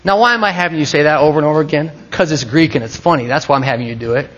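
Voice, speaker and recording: Racing through his words, a pastor preaches casually and conversationally, dropping sentences midway and beginning them again. His voice is a bit high and a bit bright, and the audio comes across somewhat dull and lo-fi.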